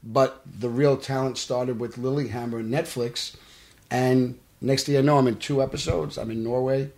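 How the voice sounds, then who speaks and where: A man tells his story in earnest, at an ordinary middle pitch. He slips into the voices of the people he quotes, as a guest in a studio interview. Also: steady tone, moderate pace, darkish tone. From Brooklyn, New York. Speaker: actor guest. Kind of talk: casual podcast interview.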